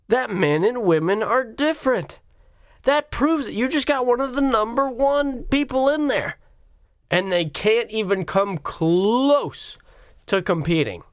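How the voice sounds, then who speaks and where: Solo podcast host, man, slow-paced crude sarcastic rants, dry close mic. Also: very high voice, expressive, no echo. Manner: crude, sarcastic, swings from loud outbursts to quiet.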